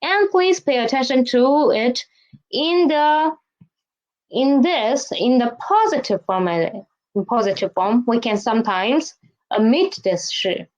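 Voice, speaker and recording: A patient language teacher, a woman, speaks slowly in a fairly high voice. She repeats key phrases and keeps checking that learners follow. The recording sounds dull and lo-fi. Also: lively intonation, a little mellow. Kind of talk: slow explanatory lesson.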